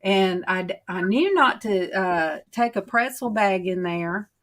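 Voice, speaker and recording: Middle-aged woman hosting a livestream, unhurried, homey, rambling chat. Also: mid-range voice, a bit bright. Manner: rambling, homey, drawn-out storytelling. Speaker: livestream host. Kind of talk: casual chat to viewers.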